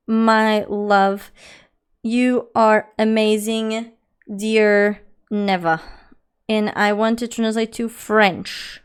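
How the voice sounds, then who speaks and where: Young woman streamer, non-native English, higher voice, clear and smooth, rambling, laughs a lot. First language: not English. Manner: chatty, rambling, quick to laugh; talks straight to her chat. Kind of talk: casual livestream chat.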